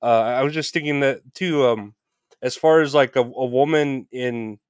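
Guy hosting a chill interview, kinda rambly, mid pitch, dry close sound. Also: normal speed, clear, resonant tone, no echo. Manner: rambling, restarts, swears casually. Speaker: podcast host. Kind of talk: casual interview chat.

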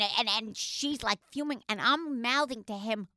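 An older woman co-hosting a podcast, telling a family story in casual chat, animated and swearing, acting out the voices of others. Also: a little high, unhurried, hardly any pauses, no room sound, studio quality. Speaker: podcast co-host, mother.

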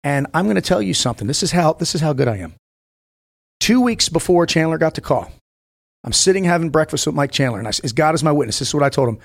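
A man's voice: a little high, lively intonation, fast talker, vocal fry. Blunt, profane man in his fifties. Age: 50s. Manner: blunt, profane, storytelling with emphatic bursts. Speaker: podcast guest, former Navy SEAL. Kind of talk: casual podcast chat.

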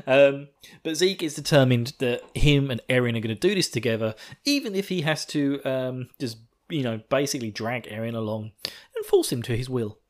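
Male podcast host, mid-pitched, giggly, rambling and profane, over-caffeinated. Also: lively intonation, normal speed. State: buzzing on coffee. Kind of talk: casual episode recap.

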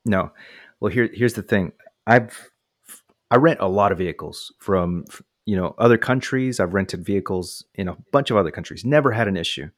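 A man's voice: lowish voice, normal speed, no room sound, studio quality. A man from the United States casually telling a long personal story, acting out quotes from the people involved. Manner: animated anecdote with voiced quotes.

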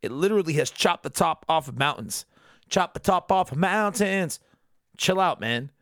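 A man's voice: on the high side, lively intonation, normal speed, fairly bright tone, no echo, clean studio sound, pitched above the performer's own voice. A man putting on an exasperated male fighter, scolding someone in profane, casual language.

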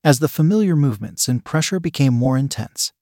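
A man's voice: mid-range voice, lively intonation, brisk, warm tone, no room sound. Man narrating in a dry, intimate tone. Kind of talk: scripted erotic story narration.

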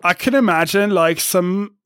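Podcast co-host, man, slightly high voice, sarcastic sweary rants, dead dry room. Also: unhurried, a bit bright, clear, resonant tone, dry recording. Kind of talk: casual tech podcast chat.

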